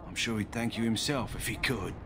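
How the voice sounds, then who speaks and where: An actor playing a calm, matter-of-fact male kennel master tending a sick war dog, in a video game. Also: lowish voice, fairly quick, background noise, natural voice.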